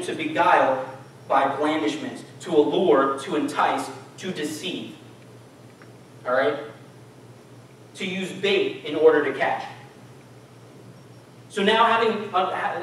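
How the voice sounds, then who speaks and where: A man's voice: a little high, a little hiss or hum. A man preaching a casual, conversational sermon in a church, asking the congregation questions. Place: church hall. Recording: echoey church hall, mic from far off.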